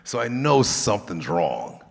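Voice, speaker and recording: Actor guest on a convention panel, an unhurried storytelling man, low voice, echoing big hall. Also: creaky. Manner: relaxed storyteller, laughing often. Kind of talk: anecdotal storytelling. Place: large convention stage. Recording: reverb of a large hall.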